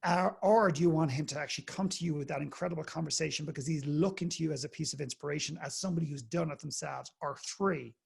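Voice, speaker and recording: An Irish man, a guest speaker on a podcast, telling anecdotes in a lively way and acting out the people in them. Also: a little high, quick pace, gravelly, few pauses, slightly rough. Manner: animated anecdote-telling, acts out the people in his story. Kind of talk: storytelling in a conversational interview.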